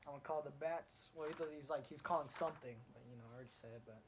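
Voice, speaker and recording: Young male reviewer, slightly high voice, casual and excitable, faint background hiss. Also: rapid-fire. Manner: rambling, lots of fillers and restarts, excitable bursts. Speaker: comic reviewer. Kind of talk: casual comic book recap. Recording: faint background noise, home recording.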